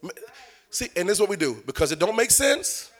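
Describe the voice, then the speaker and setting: A male preacher delivering a sermon in a sing-song cadence, swelling into shouts and addressing the congregation directly. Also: high-pitched, very animated, fast.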